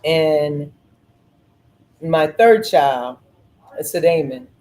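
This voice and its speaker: A woman's voice: deep voice, drawn-out words, rough recording. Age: middle-aged. Sex: woman. Role: podcast host, earnest storyteller. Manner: earnest, animated storyteller who repeats phrases. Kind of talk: casual storytelling chat.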